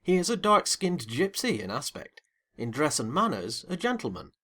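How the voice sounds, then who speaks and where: A man's voice: a little high, moderate pace. Man narrating a classic novel expressively. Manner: lively, dramatic first-person reading. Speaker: audiobook narrator.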